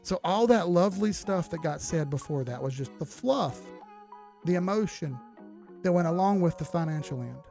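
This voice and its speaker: Male streamer host, blunt lecturing rant, slightly high voice, light music bed. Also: animated, normal speed, gravelly, dark tone. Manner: blunt, lecturing, acts out quoted people. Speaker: livestream host talking investing. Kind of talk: casual ranting monologue.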